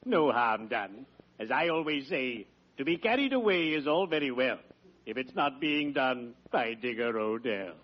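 A man's voice: medium pitch, lively intonation, slight background noise, close to an everyday voice. Man doing a sepulchral punning undertaker. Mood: soothing. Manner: slow, solemn, drawn-out delivery. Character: gloomy, pun-loving male undertaker. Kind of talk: 1940s radio sitcom acting. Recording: dull old radio recording.

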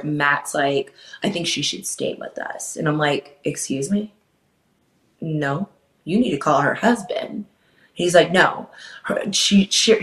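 A young woman candidly recounting a painful relationship as an interview guest, swearing freely and rising in pitch as she gets upset. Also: a bit bright. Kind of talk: emotional personal storytelling. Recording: roomy echo.

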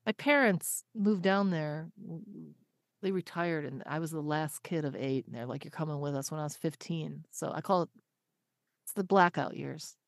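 A woman hosting a podcast, with a lowish voice and a dry, close sound. She chats casually, tells stories and teases her guest. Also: moderate pace, dry recording. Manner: teasing, chatty storyteller. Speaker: podcast host. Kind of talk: casual chat.

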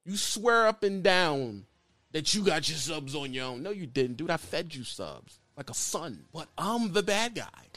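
A man's voice: fairly high pitch, big pitch swings, a little slow, pushed and bright, no echo. A man ranting at another YouTuber in a blunt, mocking call-out, repeating his insults over and over. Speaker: YouTuber calling out another trucker. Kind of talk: heated call-out rant.

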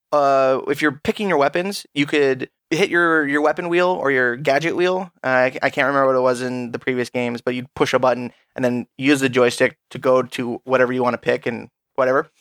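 A man's voice: medium pitch, normal speed, no room sound. A man co-hosting a podcast, ranting in a casual, profane way about a video game. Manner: profane, ranting, animated complaints. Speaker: podcast co-host.

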